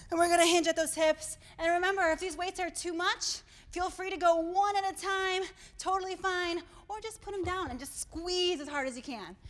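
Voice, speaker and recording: Breathless, high-voiced fitness coach woman. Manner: energetic, encouraging, counting down. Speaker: fitness instructor. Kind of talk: live workout coaching.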